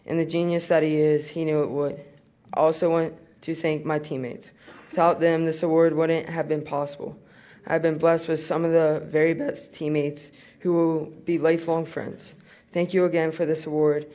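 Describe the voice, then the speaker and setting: A man's voice: on the high side, level tone, moderate pace, darkish tone. A young man giving a read-out award acceptance speech. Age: young adult. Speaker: award winner.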